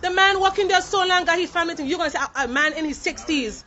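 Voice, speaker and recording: Talking fast in a very high, sharp voice, a female warehouse worker passionately protests to camera, indignant and emphatic, switching into French mid-sentence. The audio has its highs cut off and a little background noise.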